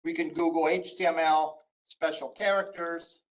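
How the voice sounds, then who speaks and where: A man with a fairly high voice gives a recorded college lecture. He explains each line of code patiently, pausing on "uh" and restarting his phrases as he goes. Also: flat delivery, low-quality recording. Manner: explains step by step, frequent "uh" and restarts. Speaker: college instructor. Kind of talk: recorded screen-share lecture.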